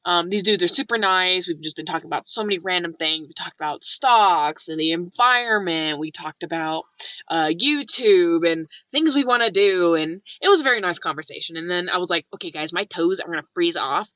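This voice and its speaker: A woman's voice: lowish voice, a little fast, no echo, highs cut off. A young woman from California telling a story in a casual vlog, chatty, full of "like", acting out what people said. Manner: chatty, lots of "like", animated quoting. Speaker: vlogger.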